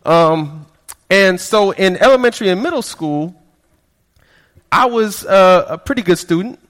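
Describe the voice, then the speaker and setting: A man with a high, expressive voice gives a sermon testimony at a measured pace, with long hall reverb around him. He tells his story conversationally, often stammering over repeated words and quoting people in quieter voices.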